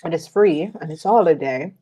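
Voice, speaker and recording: A woman's voice: sits low, a little fast, dark tone, breathy edge. A woman tarot reader chatting casually while eating, rambling with many fillers.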